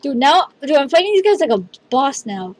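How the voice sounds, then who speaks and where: A woman hosting a casual gameplay video, excitable and rambling, calling her teammate "dude" again and again. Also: high-pitched, fairly quick, dry recording, low-quality recording.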